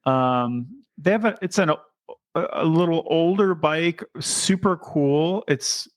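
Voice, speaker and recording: Chatty, upbeat podcast co-host, higher voice. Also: male voice, slow, no echo. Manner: chatty and enthusiastic, joking. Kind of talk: casual chat.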